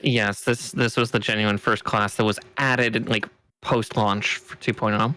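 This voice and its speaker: A man's voice: lowish voice, fairly even intonation, a little slow, bright, forceful tone. A man hosting a casual gaming podcast, laughing often and swearing offhandedly as he chats. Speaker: podcast host.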